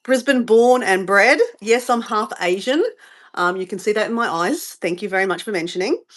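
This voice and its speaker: A middle-aged woman with an Australian accent chats casually while livestreaming her morning routine, rambling and getting sidetracked by viewer comments she answers. Her medium-pitched voice is a bit bright and moves at normal speed.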